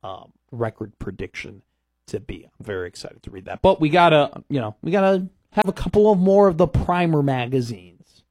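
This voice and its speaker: A man's voice: fairly high pitch, big pitch swings, moderate pace, darkish tone, no echo. Emphatic male sports radio host. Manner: emphatic, repeats points. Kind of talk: casual sports talk.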